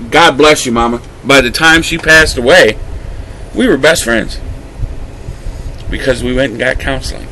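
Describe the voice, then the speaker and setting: A man's voice: mid-range voice, pushed and bright, slight background noise, rough recording. A man vlogger delivering an angry, emotional rant to camera, swearing heavily as his voice rises and drops. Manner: heated, swearing, voice rising and dropping.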